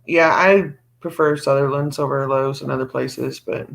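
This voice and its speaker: A man's voice: mid-range voice, fairly even intonation, normal speed, creaky, a bit bright. A man co-hosting a livestream, chatting casually and telling stories in a teasing, talkative way. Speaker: livestream co-host.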